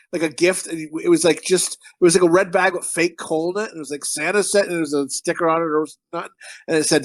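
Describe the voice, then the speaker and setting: A man's voice: on the high side, dry recording. A man from Connecticut hosting a podcast in casual, profane, rambling banter. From Connecticut, USA. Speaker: podcast host.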